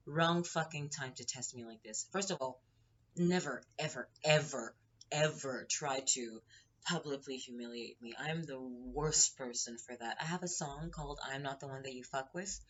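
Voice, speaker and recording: On her own show, a podcast host retells a story casually, heatedly, and with plenty of profanity, performing each quote. The audio is lo-fi, and her voice sits low.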